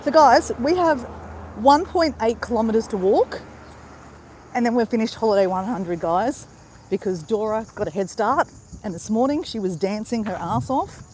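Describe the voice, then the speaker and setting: A woman's voice: on the high side, expressive, moderate pace, dark tone, slight background noise, poor audio. A woman chatting casually to viewers as she vlogs a beach walk, talking into her phone camera. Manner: chatty, addresses viewers as "guys". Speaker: vlogger. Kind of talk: casual live-stream vlog. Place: outdoors by a beach and car.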